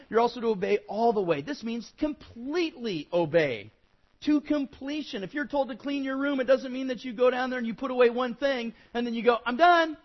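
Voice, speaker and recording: High-voiced man giving an emphatic kids' Bible lesson. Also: breathy edge, lo-fi sound. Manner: animated, acts out whiny kid replies; repetitive, emphatic admonishing. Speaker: Bible teacher addressing children.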